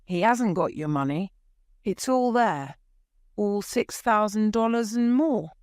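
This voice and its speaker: A woman doing a gentle, protective grown man. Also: medium pitch, slow, dry recording, clean studio sound, voice pushed up, lightly acted.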